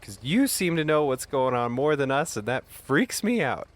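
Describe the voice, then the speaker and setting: A blunt, wary adventurer who says straight out what unsettles him, played by a man. His pitch swings widely as he talks. The sound is close and dry. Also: big pitch swings, moderate pace, no room sound, close to an everyday voice. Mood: uneasy. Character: blunt young man, a player character unnerved by strangers.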